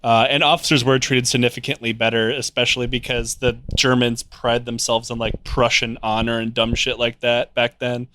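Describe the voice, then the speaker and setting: A man co-hosting a podcast who talks in a dry, sardonic, offhand way and swears freely. His voice is smooth and clear at an ordinary pitch, recorded close and dry. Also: flat delivery, moderate pace, hardly any pauses, bright, forceful tone, no echo. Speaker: podcast co-host. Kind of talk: casual chat.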